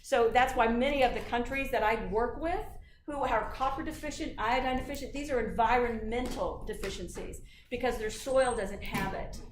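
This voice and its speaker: A woman giving a university lecture in a lively, chatty way, often putting questions to the class. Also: a little high, moderate pace, hardly any pauses, a little hiss or hum. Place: lecture hall. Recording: echoey hall, from far off.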